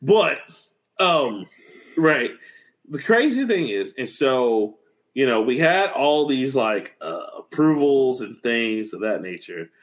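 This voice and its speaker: A young man co-hosting a casual gaming podcast, jokey and animated, acting out quotes in voices. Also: medium pitch, slow pace. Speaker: podcast co-host.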